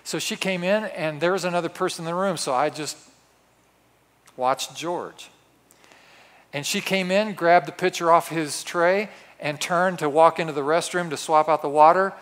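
A man preaching in a large, echoing hall, his long reverb trailing behind every line. He tells his story dramatically, dropping to hushed asides and then bursting into loud exclamations. His voice sits a touch high for a man. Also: moderate pace. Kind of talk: storytelling sermon.

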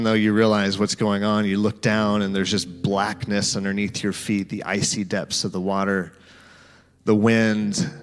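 Low-voiced man preaching a story. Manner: storytelling, addresses listeners as "you". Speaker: pastor. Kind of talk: sermon with guided imagery.

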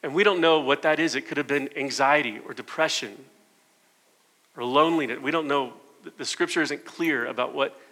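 An earnest male pastor delivers a sermon with a bright, forceful voice. He swings between ringing emphasis and hushed, soft lines. The sound carries a long reverb from the hall. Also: fairly high pitch, a little fast.

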